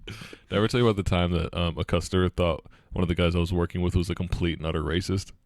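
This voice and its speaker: A man's voice: deep voice, fairly even intonation, racing, darkish tone, no room sound, clean studio sound. A young man co-hosting a casual podcast chat, laid-back and laughing often as he tells stories. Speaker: podcast co-host.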